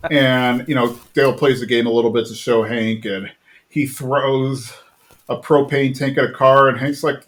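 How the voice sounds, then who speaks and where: A man at an average pitch talks through a cartoon episode he just watched as a podcast host. His retelling is loose and chatty, full of fillers and little restarts. He sounds like he's just hanging out and telling a friend about it. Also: fairly even intonation, normal speed, a bit bright. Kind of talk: casual episode recap.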